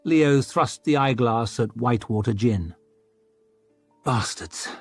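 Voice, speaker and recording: A mid-range male voice with a breathy edge narrates a scripted audiobook, keeping the storytelling measured and even.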